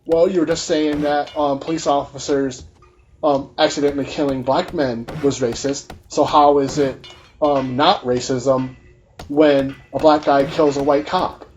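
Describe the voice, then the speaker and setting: A man's voice: a little high, level tone, unhurried, a little mellow, a little hiss or hum. A man hosting a gaming video, ranting in a heated, profane and repetitive way. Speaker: gaming channel host. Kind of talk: heated rant during gameplay commentary.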